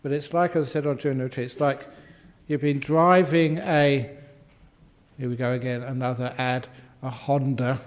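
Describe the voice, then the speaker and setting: A man's voice: mid-range voice, fairly even intonation, moderate pace. An older man, a Buddhist monk answering questions in a humorous dharma talk, playfully acting out quotes and sound effects.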